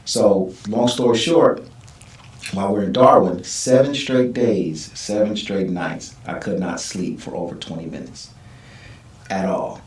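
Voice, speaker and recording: Deep-voiced man telling a story, echoey room. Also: a little slow. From Southern California. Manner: animated storytelling, acts out quoted voices. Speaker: guest. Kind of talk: casual storytelling in an interview. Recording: echoey room, mic at a distance.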